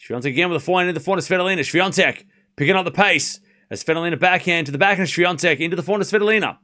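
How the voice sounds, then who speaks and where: Bright-voiced male stream commentator. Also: high voice. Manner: rapid play-by-play, jumps to shouting on big points. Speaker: host calling a live watchalong stream. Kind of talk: informal play-by-play commentary.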